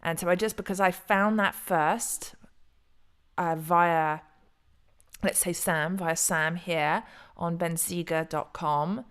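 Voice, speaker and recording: A middle-aged woman talks casually to her viewers in a slightly low voice. She rambles along in a chatty way, restarting sentences and stumbling over names as she goes. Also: steady tone, slow pace, smooth. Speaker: crypto video host. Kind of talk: casual solo commentary.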